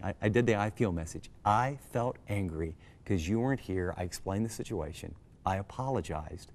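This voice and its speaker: A middle-aged man, a pastor, telling a personal story in a sermon and acting out his family's voices with big jumps in pitch. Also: animated, moderate pace, darkish tone. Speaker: pastor and Bible teacher.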